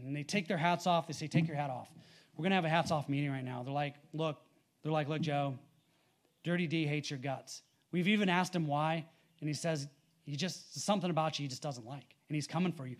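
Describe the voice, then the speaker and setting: A man's voice: a little high, fairly quick. A man preaching a sermon, reading scripture with emphasis and telling stories in a casual, conversational way. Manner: animated, rising loud on scripture readings; conversational with fillers and storytelling.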